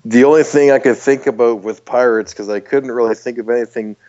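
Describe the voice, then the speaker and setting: A man's voice: mid-range voice, fairly even intonation, fairly quick, darkish tone. Canadian man in a lo-fi interview. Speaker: podcast guest. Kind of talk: casual interview chat.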